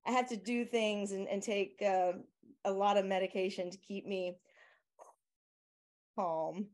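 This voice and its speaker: A woman's voice: medium pitch, fairly even intonation, unhurried, a little mellow. A woman with a Southern US accent, a guest chatting casually in an interview, rambling with many fillers and restarts. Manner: laughs often. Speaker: guest, software owner.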